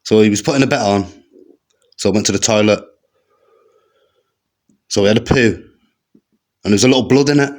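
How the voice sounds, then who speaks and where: Deadpan West Midlands stand-up comic. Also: male voice, lowish voice, brisk, long pauses. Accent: West Midlands English. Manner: deadpan delivery with slangy asides. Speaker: stand-up comedian. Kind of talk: stand-up set, one-liners. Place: comedy venue stage with live audience. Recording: live gig with faint crowd and noise. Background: audience laughter.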